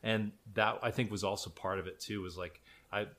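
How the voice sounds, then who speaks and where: A man, a guest performer, talking in a relaxed, rambling way with lots of filler words. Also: fairly low pitch, a little fast. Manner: relaxed, rambling, heavy use of "like" and "you know". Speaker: guest actor and singer. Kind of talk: casual interview chat.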